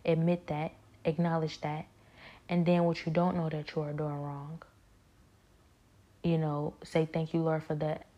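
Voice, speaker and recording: A woman talking earnestly about her faith on a podcast, halting often and slipping into soft whispered prayers. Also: sits low, little pitch movement, lo-fi sound. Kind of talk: personal faith reflection.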